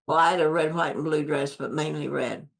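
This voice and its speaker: An older woman with a deep, low-set voice recounts her own story for an interviewer. She speaks earnestly and with emphasis, repeating key phrases and lifting her voice to play out what others said. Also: fairly even intonation, fairly quick, vocal fry. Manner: earnest, acts out quoted dialogue with lifted voice. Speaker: guest.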